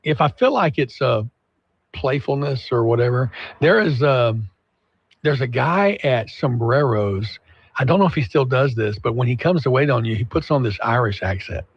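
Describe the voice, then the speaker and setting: Man, radio co-host, gravelly husky voice, dry dull studio sound. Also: mid-range voice, expressive, moderate pace, dry recording. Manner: storytelling, laughs often, acts out quoted people. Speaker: radio talk show co-host. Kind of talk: casual radio chat. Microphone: studio microphone. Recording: slightly dull, dry studio broadcast audio.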